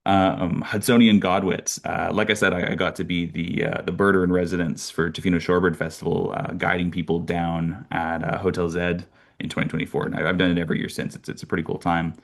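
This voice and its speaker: Gravelly low-voiced Canadian man telling stories. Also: a little fast. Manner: animated storyteller, many fillers and restarts, laughs often. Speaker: birder giving a talk. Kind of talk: casual storytelling talk.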